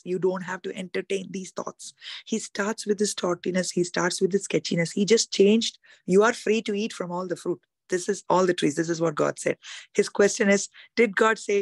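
A woman's voice: lowish voice, a little mellow, dry recording. Emphatic woman preaching. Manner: emphatic, rhetorical questions, declarations. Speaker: conference speaker. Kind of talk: sermon.

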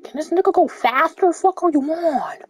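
A woman gamer chatting live while playing with a friend, swearing and yelling at other players. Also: very high voice, normal speed, no echo. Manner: profane, excitable, shouts and swears at other players.

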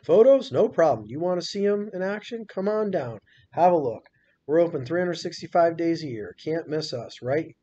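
A man voicing a brash middle-aged mall owner who boasts in loud salesman patter, in a dull lo-fi recording. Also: fairly high pitch, lively intonation, moderate pace, pitched above the performer's own voice. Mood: boastful.

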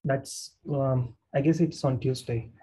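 Flat, husky-voiced man. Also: mid-range voice, unhurried, rough recording. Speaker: meeting participant. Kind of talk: casual meeting talk.

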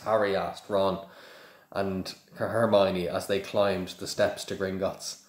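A man's voice: sits low, level tone, normal speed, echoey room. A man reading a children's story aloud in a plain manner with small slips and restarts. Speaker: reader.

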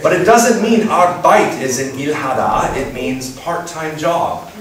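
A man giving a playful, lively lecture to an audience, asking them questions and putting on voices. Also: a little high, a little slow. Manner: animated, playful, puts on voices and asks the crowd questions. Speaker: speaker giving a talk. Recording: echoey room from far off with faint noise.

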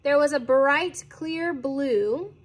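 A woman's voice: high voice, slow pace. A woman teacher reading a children's novel aloud to her class, playful and laughing at her own slips in casual asides.

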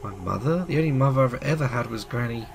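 A man's voice: mid-range voice, lively intonation, fast, creaky, voice pushed up. A man voicing a stubborn, wishful young girl, reading game dialogue in a raised, earnest, pleading voice.

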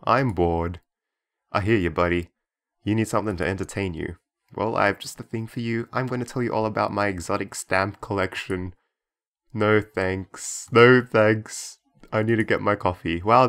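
A young man with a slightly low voice talks casually over a game he is playing. He is chatty and jokey, reads the on-screen text aloud, and holds back laughter as he goes. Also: gravelly, a bit bright. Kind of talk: casual gameplay commentary.

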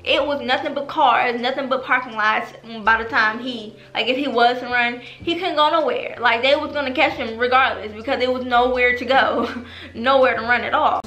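A young woman vlogger tells a storytime in an echoey room with music behind her. Her voice is fairly high and moderately paced, and her storytelling is animated, profane and full of fillers.

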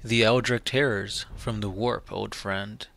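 A man's voice: on the low side, steady tone, measured pace, gravelly, a bit bright. A man reading the part of a stern, commanding chapter master who gives curt orders.

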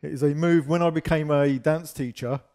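A man's voice: on the high side, fairly even intonation, moderate pace, darkish tone. A man teaching a partner dance, explaining steps and counting beats in a chatty, self-deprecating way while losing his voice.

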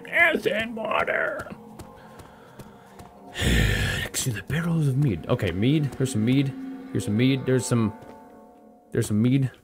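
A young man giving excitable, swearing let's-play commentary while playing a horror game. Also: medium pitch, moderate pace, over music. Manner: hyper, swearing, joking, talking to the game. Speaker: gaming video host.

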